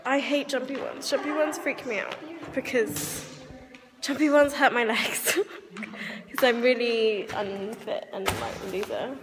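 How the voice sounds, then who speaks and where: A woman's voice: on the high side, unhurried, noisy background. A young woman chatting casually in a daily vlog, tired and a little out of breath, laughing often. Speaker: vlogger.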